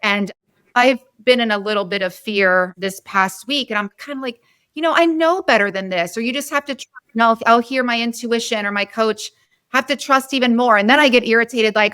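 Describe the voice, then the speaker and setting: A woman's voice: a little high, brisk, bright, forceful tone, smooth, dry recording. A woman hosting a podcast interview, effusive and open about her own fears as she asks her questions. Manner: effusive, self-revealing. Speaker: podcast host. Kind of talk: casual interview.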